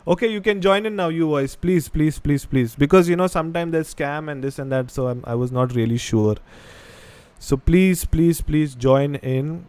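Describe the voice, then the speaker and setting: A man's voice: on the high side, normal speed, a little mellow, clean tone, no room sound. A young man from India with an Indian English accent, chatting casually on a live stream and reading viewer comments aloud. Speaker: podcast host.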